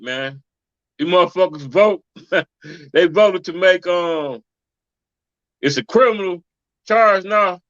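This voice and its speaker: A man's voice: high-pitched, fairly bright tone, no room sound, muffled recording. A man co-hosting a podcast in casual, profane chat, ending many lines with "man.". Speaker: podcast co-host.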